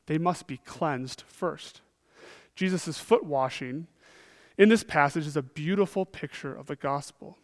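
Man, sermon preacher, slightly high voice, earnest, swings from emphatic to hushed. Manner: earnest, frequent rhetorical "right?", shifts between emphatic and hushed.

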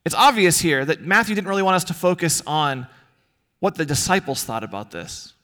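Man, pastor, sermon, high voice, very lively pitch, earnest rhetorical questions. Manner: earnest preaching with dramatic pauses and rhetorical questions.

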